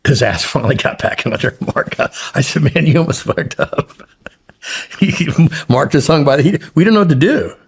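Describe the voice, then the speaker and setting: Middle-aged male guest, gravelly and husky, blunt and profane in his storytelling. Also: mid-range voice, sing-song, a little fast. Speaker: guest, former hostage. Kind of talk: podcast interview storytelling.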